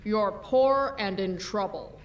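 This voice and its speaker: Stuffy principal, slow and pompous, as a woman gamer mocks him; voice sits a bit back from the mic. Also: medium pitch, far from the mic, a little hiss or hum, close to an everyday voice. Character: pompous stuffy male high school principal.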